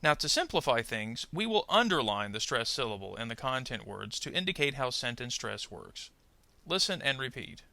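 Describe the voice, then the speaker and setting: A man runs a scripted pronunciation lesson in a sing-song, very bright, slightly gravelly voice, captured dry. Slow and clear on each point, he lets his pitch rise and fall widely on stressed words and gives slow, deliberate, over-articulated model sentences for learners to copy.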